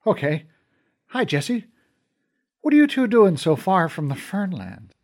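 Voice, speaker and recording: A man's voice: high voice, big pitch swings, unhurried, darkish tone, voice pushed up, exaggerated voice. Man doing an easygoing, dry-humored adventurer. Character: easygoing adventurous male companion.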